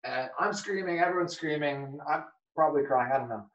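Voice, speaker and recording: A man's voice: fairly high pitch, fairly quick, recorded from a distance, muffled recording. Rambling podcast man in an echoey room. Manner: casual, rambling, lots of "okay" and "like". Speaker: podcast host. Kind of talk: solo podcast talk.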